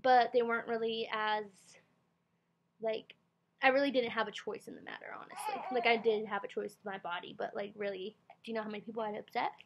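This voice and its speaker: A woman's voice: on the high side, steady tone, brisk, creaky, muffled recording, background noise. A young woman chatting casually at home, recording on her computer's built-in mic. She tells a personal story in a rambling way, full of "like" and restarts. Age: young adult. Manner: rambling, heavy use of "like", restarts. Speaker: vlogger telling her story.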